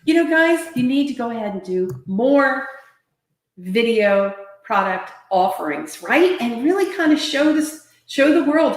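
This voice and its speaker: A woman sales trainer with a somewhat high voice delivers an emphatic, motivational talk, often repeating her points. She speaks over a webcam stream. The room around her has a noticeable echo. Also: animated, a little slow. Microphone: webcam or laptop mic on a live video stream. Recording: roomy echo.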